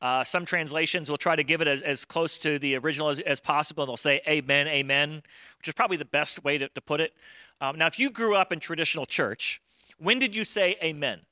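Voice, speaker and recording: A male pastor gives a casual, chatty sermon, slipping into modern voices to act out the scripture. His voice sits a touch high with a bright, forward edge. The sound is close and dry. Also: quick pace, dry recording. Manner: conversational, acts out Bible dialogue in modern voices.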